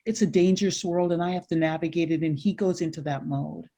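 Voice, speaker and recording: Woman therapist, warm low-toned, slightly breathy, calmly mirroring feelings. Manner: slow, empathic mirroring. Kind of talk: therapy session. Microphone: video call.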